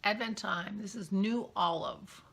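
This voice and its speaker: Woman, knitting vlog host, gravelly, bright tone, rambling casual chat, frequent whispers. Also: medium pitch, unhurried. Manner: chatty, rambling, often drops to a whisper. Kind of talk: casual vlog chat while unboxing yarn.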